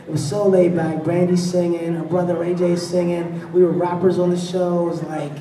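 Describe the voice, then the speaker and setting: A man on a convention panel telling stories with lively delivery, laughing often and acting out the people in his tales. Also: high-pitched, normal speed. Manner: animated, laughs between anecdotes, acts out voices. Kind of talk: storytelling on a fan panel. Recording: echoey hall, voice from far off.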